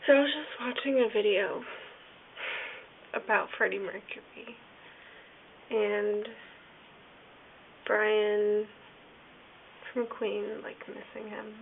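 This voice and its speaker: A woman talking in a casual video diary, rambling and halting, with lots of "like" fillers. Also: mid-range voice, fairly even intonation, vocal fry. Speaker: vlogger. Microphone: phone or camera filming herself. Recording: tinny phone-like sound with faint hiss.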